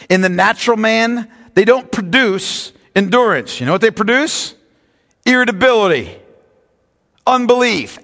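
A middle-aged man preaching a sermon as pastor, drawing out key words with dramatic pauses and slipping into quick joking asides. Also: sits high, fairly bright tone, long reverb tail.

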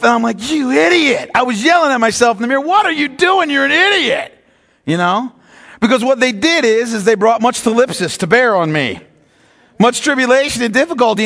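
A middle-aged man preaching a sermon as pastor, drawing out key words with dramatic pauses and slipping into quick joking asides. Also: sits high, a bit bright, big-room sound.

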